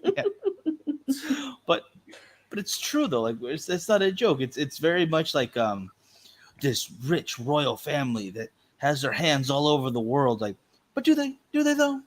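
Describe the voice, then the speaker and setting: A man in an everyday mid-range voice, hosting a loose podcast chat. He rambles along, tossing out deadpan jokes between points in a relaxed, casual way. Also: medium pitch, a little slow. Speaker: podcast co-host.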